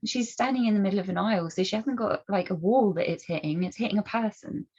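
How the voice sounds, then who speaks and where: An earnest woman talks straight to camera at a middle pitch, asking pointed rhetorical questions. She often restarts her sentences as she goes. The recording sounds dull and a little lo-fi. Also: quick pace, a little mellow, husky. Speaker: campaigner speaking to camera. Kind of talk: personal commentary and storytelling.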